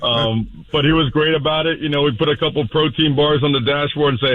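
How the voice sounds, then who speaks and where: A man's voice: a little high, brisk, hardly any pauses. A man, a head football coach, talking bluntly on a radio interview and breaking down plays in coaching jargon. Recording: tinny phone line.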